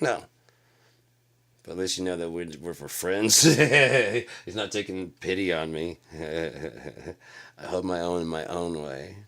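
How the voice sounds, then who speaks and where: Very deep-voiced man telling a rambling story. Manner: profane, rambling, acts out quoted voices. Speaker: channel host telling a story. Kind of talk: casual late-night storytelling monologue.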